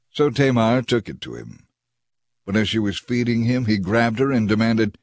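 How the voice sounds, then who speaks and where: A man reading a scripted story aloud in a steady, measured storytelling manner. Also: lowish voice, no room sound. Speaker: narrator. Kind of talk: scripted audiobook narration. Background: background music.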